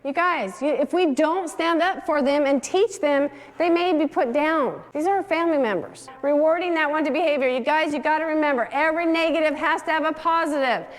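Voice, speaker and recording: High-voiced woman coaching a dog class. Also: brisk, hardly any pauses. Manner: direct, coaching, talks to dogs in a sing-song. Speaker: dog trainer. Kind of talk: hands-on class instruction. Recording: long hall reverb.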